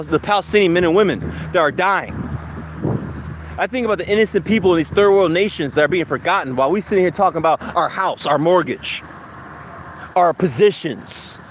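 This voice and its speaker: A heated, profane man ranting into his phone as he walks a city street. His voice sits high and he hammers points with repetition. A faint hum of traffic sits under him. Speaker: livestream host. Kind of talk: angry street rant. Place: outdoors, walking down a city street.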